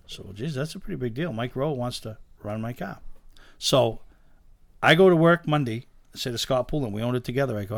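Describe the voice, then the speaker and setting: A man, a guest telling lively stories about owning race cars in a casual chat, acting out the voices of the people in them. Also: mid-range voice, moderate pace, no echo, studio quality. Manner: animated anecdote teller, acts out quoted dialogue. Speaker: guest, race car owner. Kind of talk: casual storytelling in a podcast chat.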